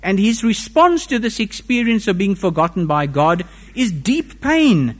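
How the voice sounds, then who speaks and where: A man preaching a sermon, reading scripture and explaining it with expressive rises and falls in pitch and volume. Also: measured pace.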